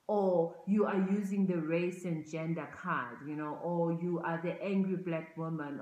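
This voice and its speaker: A woman's voice: deep voice, darkish tone. A woman giving an earnest, reflective talk, often repeating words and restarting her phrases as she searches for them. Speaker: speaker on racial oppression. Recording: roomy echo.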